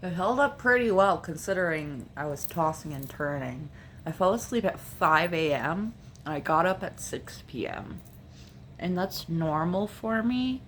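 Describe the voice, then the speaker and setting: Low-voiced woman vlogging with a light Appalachian accent. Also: lively intonation, unhurried, a bit bright, slight background noise. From New Jersey, raised in North Carolina and Virginia. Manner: rambling, matter-of-fact, thinks aloud. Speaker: makeup vlogger. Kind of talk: casual chatty vlog. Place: home room.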